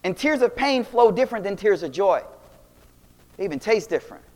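High-voiced young man, echoing hall. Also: a little fast. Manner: animated, slangy, shifting loud and quiet. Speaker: speaker giving an Islamic talk. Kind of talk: casual storytelling lecture. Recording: long reverb of a hall.

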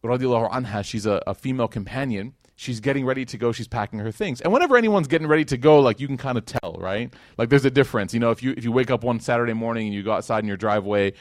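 A man's voice: mid-range voice, very fast, hardly any pauses, dry recording, studio quality. A man giving a casual religious lecture, telling a story in a conversational way with many fillers and acted-out quotes. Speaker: speaker teaching Islamic history.

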